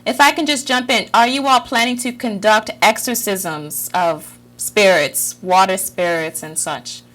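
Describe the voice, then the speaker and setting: Brisk female TV interviewer. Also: medium pitch, fairly bright tone. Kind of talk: news interview.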